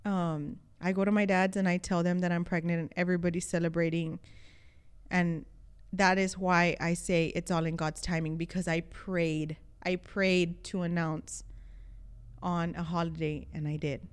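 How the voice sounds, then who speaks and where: A woman co-hosting a casual podcast chat, telling a story with animated acted-out quotes. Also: on the low side, normal speed, smooth. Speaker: podcast co-host.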